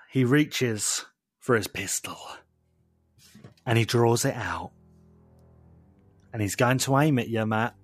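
A man's voice: mid-range voice, slow pace, pauses often, no echo, faint music behind. A man narrating a tabletop role-playing game as game master, playful and laughing often.

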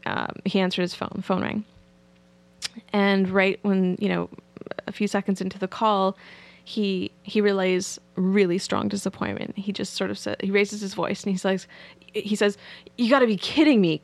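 A woman psychotherapist speaks as a podcast guest, her voice sitting in a middle register with a gravelly, fry-tinged edge. She tells stories about her clients in a frank, candid way. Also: medium pitch. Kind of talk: podcast interview.

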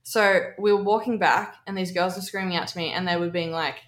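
Young aussie woman, animated story chat, swears a lot, echoey room. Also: mid-range voice, fast. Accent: Australian. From Australia. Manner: animated, swears freely, acts out quoted voices. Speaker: podcast co-host.

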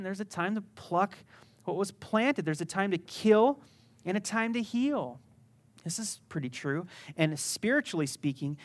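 A middle-aged man, a pastor, delivers a sermon in a high-sitting voice. He tells stories in a chatty, joking way, building up to emphatic peaks.

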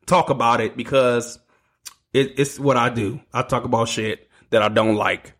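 A man's voice: mid-range voice, little pitch movement, normal speed, a bit bright. A man hosting his own sports podcast, ranting heatedly, swearing and stumbling over his words. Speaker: podcast host. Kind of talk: solo sports podcast rant.

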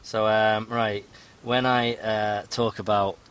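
Casting: low-pitched host, loose rambling banter. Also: male voice, flat delivery, slow pace, background noise. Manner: rambling, laughs at own stories. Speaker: podcast host. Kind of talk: casual chat.

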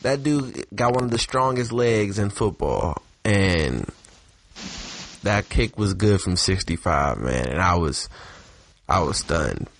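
Animated man, voice leaping around. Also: takes it slowly. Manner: animated, voice jumps high when excited. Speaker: podcast co-host. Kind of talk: casual sports chat.

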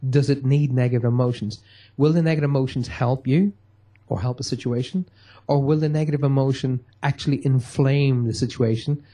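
A man's voice: mid-range voice, steady tone, fairly quick, warm tone. A man giving an emphatic motivational talk, acting out quotes in a radio-style chat. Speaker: guest speaker.

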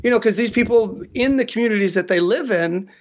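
A man's voice: high-pitched, a little fast, lo-fi sound. A man co-hosting a podcast in casual chat, rambling, swearing and laughing often. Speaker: podcast co-host.

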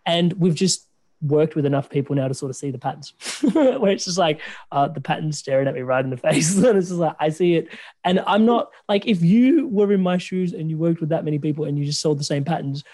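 A man hosting a podcast who talks in a reflective, soft-spoken way and often laughs lightly. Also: fairly high pitch, expressive, a little fast, dry recording. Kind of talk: casual podcast conversation.

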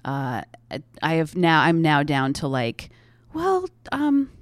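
A woman's voice: low voice, wildly swooping pitch, slow pace, no room sound, studio quality. A woman co-hosting a podcast, mother of a child, blunt and swearing in casual banter. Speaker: podcast co-host.

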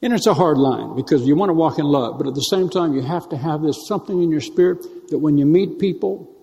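A man with a fairly high voice delivers a sermon in a church, with teasing asides to the congregation. He slows down and draws out words for emphasis. His voice rings out with a long reverb from the hall. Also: vocal fry, warm tone. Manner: conversational preaching with teasing asides and drawn-out emphasis. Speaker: pastor.

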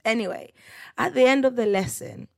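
A woman's voice: on the high side, normal speed, vocal fry, a little mellow. A young woman, chatting casually as the host of her own solo podcast. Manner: chatty, laughing, tag questions like "you get me?". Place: parents' house.

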